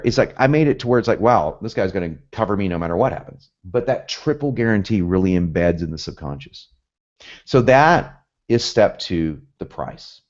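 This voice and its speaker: Medium in pitch and darkish in tone, the man's voice comes through lo-fi sound. He teaches copywriting in a hyped, emphatic style full of repetition and asides. Raised in both the northern and southern United States, he speaks with a Southern accent touched by Northern traces.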